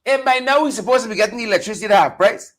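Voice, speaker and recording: A man's voice: high voice, very fast, a bit bright. A man hosting a live political talk stream, greeting viewers by name and repeating phrases for emphasis. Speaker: host of a live political show. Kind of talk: casual live-stream commentary.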